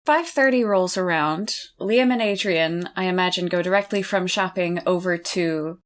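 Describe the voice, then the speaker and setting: A woman narrating and running a tabletop role-playing game in a relaxed, chatty way. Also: on the low side, moderate pace. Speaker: game master.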